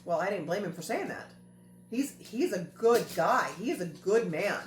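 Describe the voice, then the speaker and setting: A woman's voice: mid-range voice, expressive, moderate pace. A woman host telling a family story in a casual chat, earnest and repeating phrases for emphasis. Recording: roomy echo with faint music.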